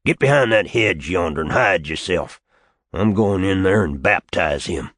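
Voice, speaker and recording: A man's voice: low voice, animated, moderate pace, fairly bright tone, dry recording, studio quality. A man voicing a fierce old backwoods prophet in his eighties who hollers with zeal in a rural drawl. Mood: urgent.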